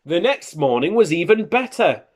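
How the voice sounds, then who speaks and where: A woman teacher reading a picture book aloud to young children in an animated, expressive way. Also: on the low side, moderate pace. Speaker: primary school teacher.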